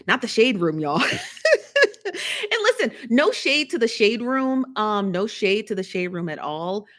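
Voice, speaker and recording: A woman's voice: mid-range voice, expressive, normal speed. A woman hosting a live stream, chatting casually about news and gossip, often repeating herself and laughing. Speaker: live show host.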